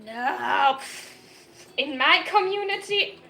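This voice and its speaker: A woman in her twenties from Germany, chatting casually on a livestream over her phone, excitable and giggly with rambling self-mocking jokes. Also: sits high, slow pace, vocal fry. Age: 20s. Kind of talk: casual chat.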